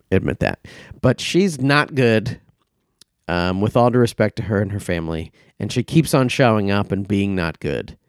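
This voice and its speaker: A man's voice: fairly low pitch, smooth, no echo, studio quality. A man co-hosting a comedy movie podcast, rambling through a casual review with lots of ums and profane outbursts. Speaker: podcast co-host.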